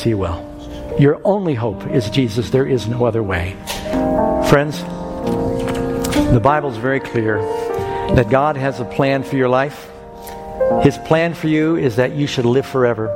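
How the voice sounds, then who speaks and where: A man preaches an evangelistic sermon, earnest and telling stories that rise to fervent climaxes. His medium-pitched voice moves at a moderate pace with frequent pauses, over music and long hall reverb.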